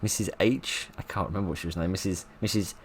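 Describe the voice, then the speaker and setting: A man's voice: low voice, steady tone, fast talker, a little hiss or hum. A man reading an old book aloud and breaking off for wry, sarcastic asides, often laughing. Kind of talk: comic read-aloud with commentary.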